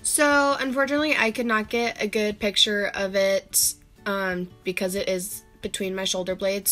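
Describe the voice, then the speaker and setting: A woman's voice: mid-range voice, pushed and bright. A young woman with a stuffy nose from a cold, casually telling personal stories in a rambling way with many ums. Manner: rambling, lots of ums and restarts. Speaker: vlogger. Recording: roomy echo, faint music.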